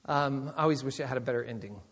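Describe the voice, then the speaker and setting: A man, a pastor, tells stories in a sermon with animated delivery and frequent laughter. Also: medium pitch, racing. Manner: animated storyteller, laughs often. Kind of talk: sermon storytelling. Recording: long reverb of a large hall.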